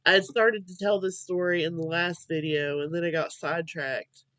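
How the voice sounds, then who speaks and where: A young woman speaking slowly and hesitantly, sounding drowsy, hosting a casual home video chat. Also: lowish voice, steady tone, fairly bright tone, no room sound. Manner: slow, hesitant, halting with many fillers. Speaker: vlog host.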